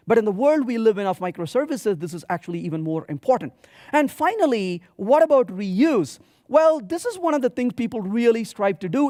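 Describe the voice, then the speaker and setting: A man giving a software conference talk, telling stories with quoted dialogue in an animated way. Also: high-pitched, dry recording, clean studio sound. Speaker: conference speaker. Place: conference hall stage.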